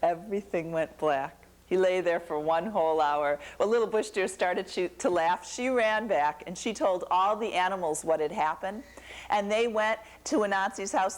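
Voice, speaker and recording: A woman telling a folktale to a young audience, animated and asking them questions. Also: lowish voice, normal speed. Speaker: storyteller.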